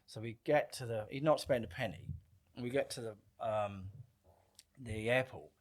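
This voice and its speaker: Middle-aged man, casual storytelling, animated, swears freely, mid-pitched voice. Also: normal speed. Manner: animated, swears freely, acts out quoted lines. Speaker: podcast guest.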